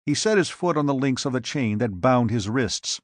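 A man reading a pulp adventure aloud as narrator, with a measured, dramatic delivery. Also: mid-range voice, expressive, no echo, studio quality. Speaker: audiobook narrator. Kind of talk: scripted narration.

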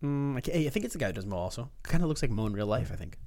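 A man's voice: mid-range voice, animated, rapid-fire, dark tone, no room sound. A Canadian-born man chatting casually among friends, rambling with lots of fillers. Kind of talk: casual chat.

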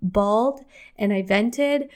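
A young woman hosting her own podcast, talking candidly and chattily, now and then acting out her own outbursts in a higher voice. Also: slow pace. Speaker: podcast host. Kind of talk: casual solo podcast talk.

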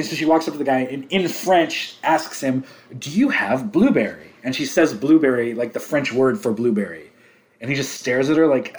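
A man chatting loosely while watching a film, telling long rambling stories. He laughs a lot and swears casually, easy and unhurried. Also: medium pitch, lively intonation. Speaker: podcast co-host. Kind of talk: casual movie commentary chat.

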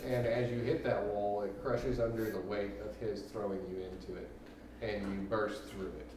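A man acting as game master, narrating a tabletop game in a measured, descriptive way. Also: fairly low pitch, little pitch movement, far from the mic. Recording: echoey room with background noise.

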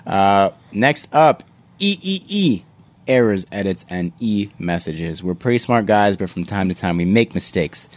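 Low-voiced man hosting a podcast. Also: moderate pace, few pauses. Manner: reads listener messages, joking. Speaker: podcast host. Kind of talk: casual chat.

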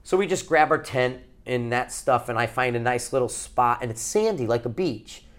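A man from Connecticut co-hosts a podcast and spins a long, meandering anecdote. His voice sits at an ordinary middle pitch. He curses freely and circles back on himself as the story unfolds. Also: normal speed. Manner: rambling, profane, animated anecdote-telling. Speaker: podcast co-host. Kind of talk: casual storytelling.

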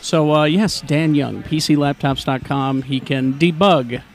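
Gravelly-voiced man hosting a podcast. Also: a little high, measured pace. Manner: jokey, reads sponsor plugs offhand. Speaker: podcast host. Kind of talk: casual chat.

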